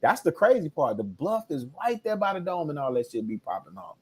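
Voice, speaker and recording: A man's voice: fairly high pitch, big pitch swings, a little fast. A middle-aged man with a Chicago accent, talking in a rambling, laid-back way on a podcast and trailing into fillers. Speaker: podcast co-host. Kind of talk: casual chat.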